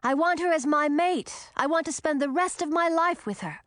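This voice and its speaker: A woman's voice: sits high, normal speed, a bit bright, no room sound, studio quality, voice pushed up. Woman voicing an earnest young male dragon. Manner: earnest, pleading.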